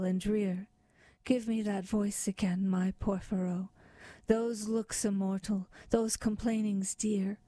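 A woman voicing a frightened, sorrowful young bride in a slow poetry reading. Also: mid-range voice, warm tone, dry recording, natural voice.

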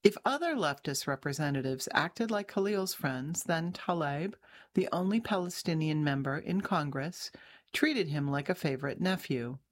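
Woman journalist reading her article aloud, lowish voice, calm and measured, trips on a word now and then. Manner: measured, even reading with occasional restarts. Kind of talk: scripted narration.

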